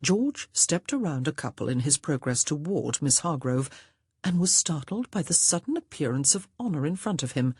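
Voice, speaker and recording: A woman reads a historical romance in measured, expressive narration. Her voice is low and husky, with a lively, animated range. It sounds close and dry, with no room around it. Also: dry recording. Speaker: audiobook narrator. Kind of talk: scripted narration of a romance novel.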